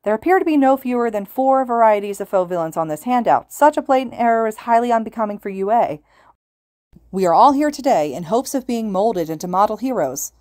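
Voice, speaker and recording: Woman playing a rigid rule-minded teen boy, loud and formal, dry read. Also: on the high side, expressive, a little fast, no echo, pitched above the performer's own voice, natural voice. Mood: stiff. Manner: loud, stiff, formal and precise. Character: stiff formal tall male teen student.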